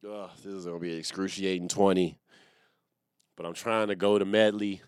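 A man's voice: sits low, steady tone, brisk, darkish tone, clear, resonant tone, no room sound, clean studio sound. A man hosting a solo comedy podcast, rambling in a profane, slangy way and laughing at his own jokes. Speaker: podcast host and stand-up comedian. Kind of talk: casual solo podcast rant.

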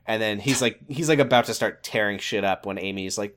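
A man's voice: on the low side, a bit bright. Man recapping a show, acting out lines. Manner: acts out scenes in quick put-on voices, lots of "like". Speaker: podcast co-host. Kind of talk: casual recap chat.

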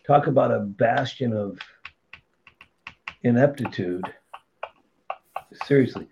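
A man's voice: medium pitch, takes it slowly, a little hiss or hum. A middle-aged man telling blunt, profane stories about his career as a podcast guest. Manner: blunt, profane, animated storytelling. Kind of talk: casual storytelling. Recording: dull lo-fi sound.

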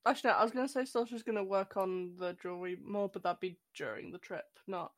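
A woman's voice: medium pitch, quick pace. A woman playing a tabletop game, joking and wry with the group. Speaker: player.

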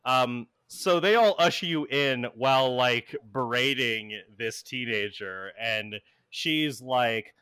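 A man's voice: medium pitch, takes it slowly, pushed and bright, smooth, no room sound. A man narrating a tabletop role-play game as game master, rambling and full of filler words.

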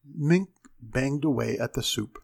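A man narrating a story aloud in an expressive reading style, giving the characters their voices. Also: medium pitch, measured pace, vocal fry, husky.

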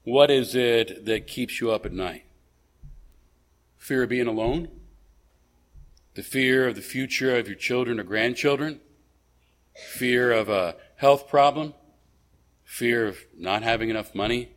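A male pastor delivers a sermon at a middle pitch, in a relaxed, conversational way. He asks his listeners rhetorical questions and often hesitates or restarts a phrase as he goes. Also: unhurried, long pauses.

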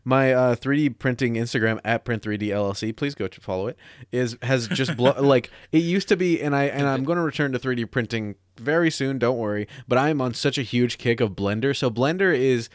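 A man's voice: mid-range voice, a little fast, dry recording, studio quality. A man co-hosting a podcast, talking enthusiastically and profanely in rambling tangents. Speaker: podcast co-host. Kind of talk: casual podcast banter.

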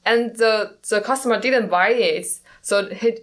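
Woman speaking halting English. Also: mid-range voice. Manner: halting second-language English with frequent agreeing yeses. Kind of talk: casual chat.

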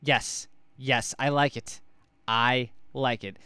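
A man's voice: mid-range voice, steady tone, slow pace, bright, forceful tone, clean tone, dry recording. A man co-hosting a podcast, recapping and reviewing comics in a rambling, profane, jokey casual chat. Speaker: podcast co-host.

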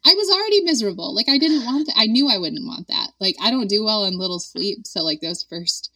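A woman's voice: mid-range voice, animated, brisk, pushed and bright, no echo, distant mic. A woman in her thirties, a dietitian, chatting casually on a podcast, laughing often and saying "like" a lot. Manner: chatty, giggly, lots of "like". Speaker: guest dietitian.

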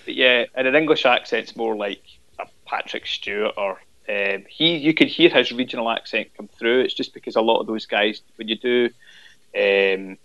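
A man's voice: lowish voice, moderate pace, bright, forceful tone, muffled recording. Jokey man in his thirties. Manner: jokey, self-deprecating, rambling. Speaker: podcast guest. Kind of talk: casual chat.

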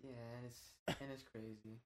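Man, casual podcast co-host, slangy, swears a lot, animated, roomy echo. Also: medium pitch, moderate pace, slight background noise. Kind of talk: casual gaming podcast chat.

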